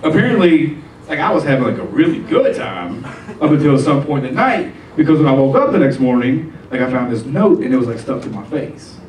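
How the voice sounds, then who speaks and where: A man's voice: mid-range voice, big pitch swings, fairly quick, darkish tone. A man doing a stand-up comedy set, telling stories loosely with lots of filler words and putting on voices for the people in them. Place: comedy club stage. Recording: roomy, distant club recording with faint noise.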